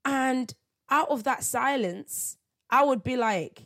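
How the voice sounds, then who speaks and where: A woman's voice: sits high, slow. A woman hosting a solo faith podcast, talking in a reflective, conversational way with many rhetorical questions. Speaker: podcast host.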